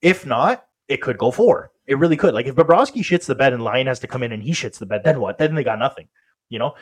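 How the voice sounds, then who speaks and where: A man's voice: medium pitch, expressive, fast, slightly rough. A man co-hosting a casual sports podcast, talking in a rambling way with many fillers and restarts. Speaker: podcast co-host.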